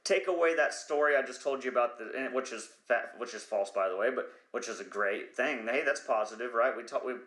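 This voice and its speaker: A man's voice: medium pitch, fairly quick, hardly any pauses, a bit bright, echoey room. A man hosting a podcast, talking in a rambling, profane comedic monologue who sometimes loses his train of thought. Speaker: podcast host.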